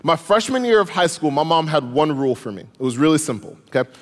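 Brief: young male storyteller, animated and comic, higher-pitched; hall with long reverb. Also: fast talker. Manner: animated, comic, rising in excitement. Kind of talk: live stage storytelling.

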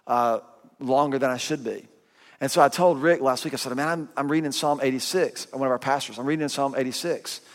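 Animated man preaching in a big hall. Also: on the high side. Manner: animated storytelling, with self-mocking humor and voiced asides. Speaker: pastor. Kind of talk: sermon. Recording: long reverb of a big hall.

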